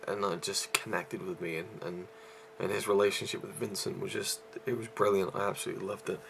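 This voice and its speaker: A man's voice: deep voice, flat delivery, brisk, vocal fry, a bit bright, slight background noise. A man reviewing a movie in a casual vlog, out of breath and rambling with many fillers and restarts.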